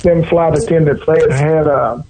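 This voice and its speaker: A man's voice: fairly high pitch, steady tone, normal speed, background noise. A man from Oklahoma with an Oklahoma accent, a guest telling stories in a drawling, folksy way with country grammar. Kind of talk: folksy storytelling interview.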